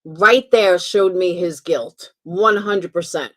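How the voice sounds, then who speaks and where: A woman's voice: fairly low pitch, slow pace, a bit bright. A woman hosting a commentary stream, giving emphatic, opinionated reactions in a casual way. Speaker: commentary channel host.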